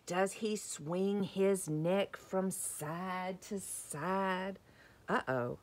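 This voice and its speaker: Gentle, unhurried woman reading a picture book to young children, asks questions along the way. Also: medium pitch. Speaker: children's story time reader.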